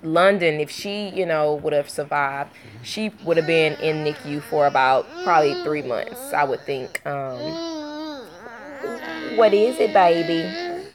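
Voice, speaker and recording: A young mother talks to her camera in a low voice. She rambles, circling back with fillers and restarts, earnest and emotional. It is a loose, casual vlog chat. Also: steady tone, moderate pace, music in the background. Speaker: vlogger and mother.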